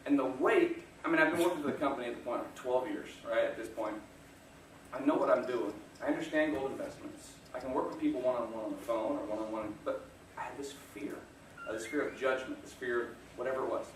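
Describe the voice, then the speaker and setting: A man's voice: mid-range voice, quick pace, slight background noise. A man giving a motivational talk to an audience, telling self-deprecating stories and chuckling often. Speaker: guest speaker. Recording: echoey room, distant mic.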